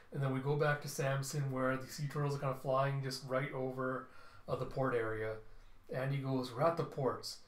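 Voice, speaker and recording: A man casually narrating a comic book readthrough, animated and chuckling as he goes. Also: mid-range voice. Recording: roomy room echo.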